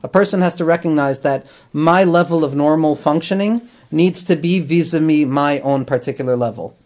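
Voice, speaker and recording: A man's voice: on the high side, normal speed, a little mellow. A man teaching as a rabbi and therapist, earnest and explanatory, weaving Hebrew terms into his talk.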